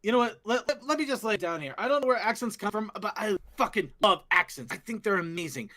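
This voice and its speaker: A man co-hosting a casual fan talk show, excitable and quick to swear, often restarting his sentences. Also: high voice. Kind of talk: casual chat.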